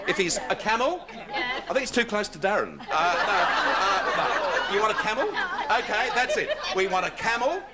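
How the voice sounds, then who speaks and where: Rambling Australian host, lively pitch. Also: male voice, a little fast, over a noisy crowd. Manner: rambling, jokey, laughs often. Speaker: talk show host. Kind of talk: live TV studio chat with audience. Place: TV studio with live audience. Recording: 1980s TV broadcast, loud audience noise. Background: studio audience.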